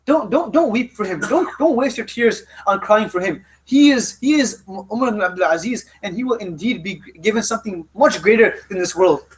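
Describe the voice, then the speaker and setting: A man's voice: high voice, lively intonation, moderate pace, few pauses, husky. A man voicing a grave, insistent Roman king. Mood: solemn.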